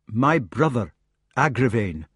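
A man voicing a young knight, numb with grief, speaking in a halting, dazed way. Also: mid-range voice, very animated, a bit bright, slightly rough, no room sound, clean studio sound, full character voice. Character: young grieving male knight, stunned and numb.

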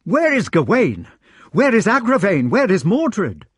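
A man's voice: high voice, huge pitch swings, measured pace, breathy edge, no echo, clean studio sound, pitched above the performer's own voice, exaggerated voice. A man playing an anguished, agitated king. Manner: urgent, pleading outbursts. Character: anguished aging male king, agitated and remorseful.

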